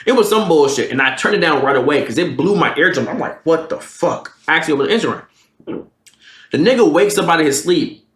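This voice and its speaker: A young man in his twenties telling a casual, profane storytime, jumping into animated quoted lines. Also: a little high, fast. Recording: roomy echo.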